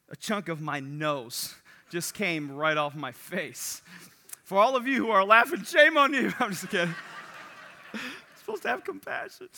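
A man's voice: on the high side, sharp tone. A young man who is a youth pastor, opening a church service with a self-mocking, humorous story before moving into a sermon.

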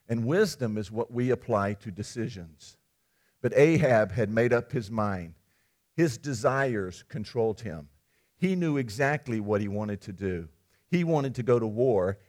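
Male preacher, sermon storytelling, conversational, animated, mid-pitched voice.

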